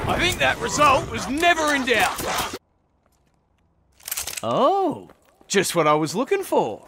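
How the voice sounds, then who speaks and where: An actor playing a brash, foul-mouthed soldier who throws swaggering taunts in video game combat voice lines. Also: male voice, very high-pitched, very animated, takes it slowly, background noise, full character voice. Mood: cocky. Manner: taunting, swaggering trash talk. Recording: loud gunfire behind the voice.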